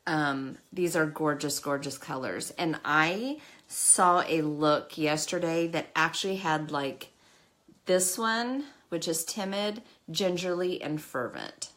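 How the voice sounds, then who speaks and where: A woman's voice: sits low, takes it slowly, a bit bright. A woman hosting a live makeup stream, chatty and emotional, talking to her viewers by name. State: tearful at times. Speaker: makeup livestream host. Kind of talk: casual live makeup chat.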